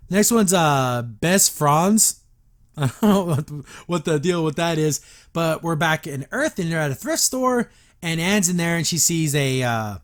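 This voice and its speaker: A man hosting a podcast, recapping and reviewing a cartoon episode in a loose, chatty way, laughing at gags and paraphrasing scenes. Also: on the high side.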